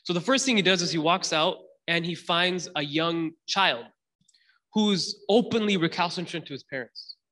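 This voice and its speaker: Bright-voiced man telling a story. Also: fairly high pitch, moderate pace, long reverb tail. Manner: animated storyteller acting out quotes, mixing in Arabic phrases. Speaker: host. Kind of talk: storytelling in a podcast conversation.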